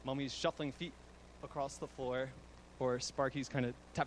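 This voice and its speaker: A man's voice: mid-range voice, steady tone, moderate pace, a little hiss or hum, poor audio. A young man giving a fond eulogy for his grandmother, chuckling often and using fillers. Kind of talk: eulogy speech.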